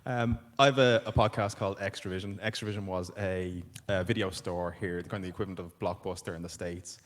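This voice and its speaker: Male moderator, low voice, rapid delivery, playful teasing. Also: fairly even intonation. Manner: quick, joking. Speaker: panel moderator and podcast host. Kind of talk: moderating a panel Q&A.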